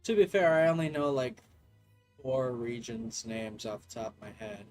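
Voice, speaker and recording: Joking gamer with lively pitch. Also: normal speed, faint music behind. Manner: joking, self-mocking asides. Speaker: gaming video creator. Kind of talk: casual let's-play commentary.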